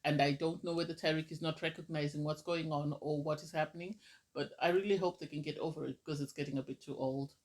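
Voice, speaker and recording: High-voiced chatty man reviewing reality TV. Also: steady tone, fast talker. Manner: chatty, gushing, exclamatory. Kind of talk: casual recap and review.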